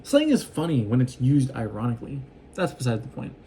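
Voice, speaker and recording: Gushing man with a mellow voice. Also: mid-range voice, a little fast, slight background noise. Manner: excitable, gushing, acts out quoted lines. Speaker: vlogger recapping an anime. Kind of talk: casual rambling recap.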